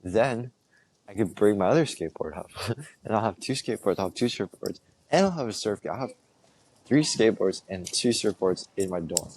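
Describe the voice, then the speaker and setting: A man's voice: lowish voice, expressive, normal speed, a little mellow, slight background noise. A young man hosting his own podcast, talking in a casual, rambling monologue that is laid-back and slangy, full of filler words. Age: young adult. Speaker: podcast host.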